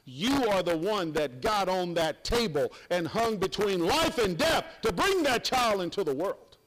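A man's voice: high voice, big pitch swings, unhurried, a bit bright, poor audio. An older man preaching a sermon, folksy and emphatic, with sudden exclamations.

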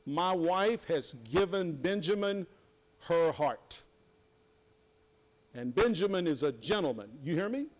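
A man's voice: on the high side, poor audio. An older man preaching a sermon, folksy and emphatic, with sudden exclamations.

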